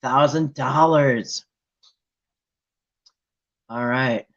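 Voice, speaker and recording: A man's voice: mid-range voice, extremely slow. Chatty man, dull lo-fi recording. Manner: chatty, muses aloud, many restarts and excited jumps. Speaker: host playing a Bible trivia game with viewers. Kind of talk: casual chat while thinking aloud. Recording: dull lo-fi sound.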